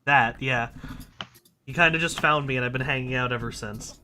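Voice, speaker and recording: Man talking over loud keyboard clicks. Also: medium pitch, moderate pace, noisy background. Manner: scattered, crude jokes. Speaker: player. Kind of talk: casual game chat. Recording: keyboard clacking behind. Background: keyboard typing.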